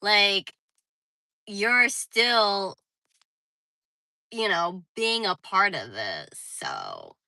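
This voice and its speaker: A young woman with a squeaky voice chatting casually on a phone livestream, saying "like" often. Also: huge pitch swings, drawn-out words, creaky, pauses often, sharp tone, dry recording, low-quality recording. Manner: chatty, heavy use of "like", reads viewer comments.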